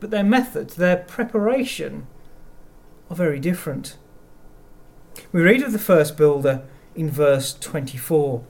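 A man giving a sermon, speaking in a measured way and reading verses aloud. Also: on the high side, a little mellow. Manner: slow, measured delivery with verses read aloud. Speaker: preacher.

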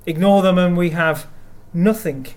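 A man giving a sermon, speaking in a measured way and reading verses aloud. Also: high-pitched, fairly even intonation, darkish tone. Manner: slow, measured delivery with verses read aloud. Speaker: preacher.

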